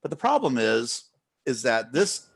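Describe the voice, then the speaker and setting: A man's voice: medium pitch, sing-song, a little slow, gravelly. A man ranting in a casual group chat, swearing and telling a story with exasperation. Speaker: podcast co-host.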